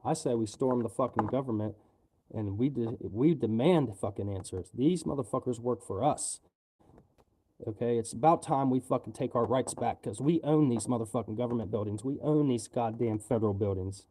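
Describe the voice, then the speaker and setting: A man's voice: mid-range voice, normal speed, warm tone, slightly rough. An American man ranting on a livestream in an angry, profane, heated way. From United States. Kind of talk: livestream rant.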